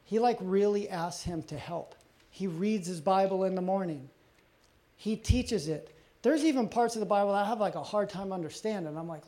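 At a normal speed, a middle-aged man preaches as pastor, earnest and confessing, his voice often going quiet and low whenever he shares something personal.

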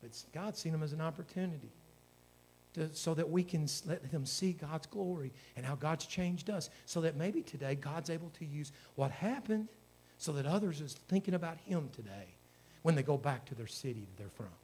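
Male pastor, high voice, folksy storytelling sermon, fervent. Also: expressive, normal speed, a little mellow, breathy edge.

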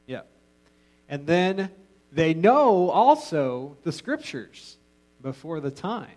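A man's voice: on the high side, very animated, slow pace, darkish tone, rough recording. A man teaching an informal Bible class in a casual, joking way, often restarting his sentences.

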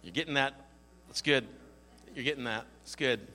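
A man preaching as a pastor in a church, moving from earnest prayer to folksy storytelling with pauses and restarts. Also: mid-range voice, pushed and bright, in a large hall. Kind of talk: sermon with prayer and a joke.

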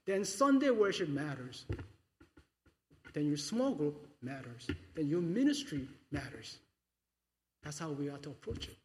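A man with a high voice preaches a sermon slowly and deliberately, shifting from hushed reflection to loud, fervent declarations. His voice carries through a large church hall with a long, ringing reverb. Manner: swings from quiet musing to loud fervent preaching. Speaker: pastor.

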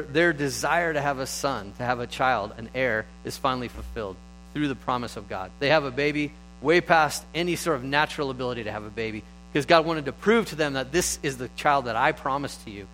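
A man preaching in an easygoing, conversational voice of ordinary pitch. He tells the stories casually, picking up energy now and then. A faint electrical hum sits behind him. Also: a little fast, rough recording. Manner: conversational, animated storytelling. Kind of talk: sermon.

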